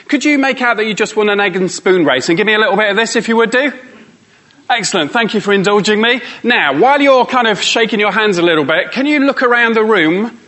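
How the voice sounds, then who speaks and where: A man's voice: high-pitched, lively intonation, fast, bright, forceful tone. A man, a motivational speaker giving a live workshop talk and playfully teasing and coaxing his audience.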